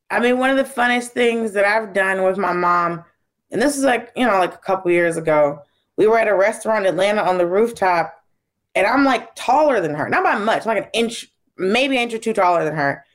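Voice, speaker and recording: A woman comedian talking casually as a guest and telling stories, acting out family members in quick, shifting voices. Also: mid-range voice, lively intonation. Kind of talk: casual interview storytelling.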